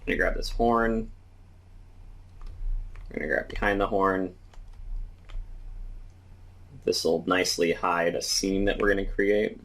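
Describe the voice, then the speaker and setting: A man teaching 3D modeling, calmly talking through each step as he works in a screen-recorded tutorial. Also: low voice, measured pace, long pauses. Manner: relaxed step-by-step explaining while working. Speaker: 3D modeling instructor.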